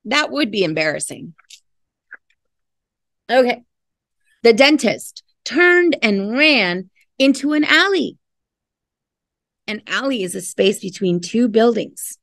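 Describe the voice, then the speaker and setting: A woman reads a children's picture book in a slow, gentle way, her bright voice sitting a little high and swinging up and down with expression. She stops now and then to explain a word or wonder aloud, like a teacher at storytime. The sound is close and dry. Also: sing-song, dry recording. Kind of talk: children's read-aloud with commentary.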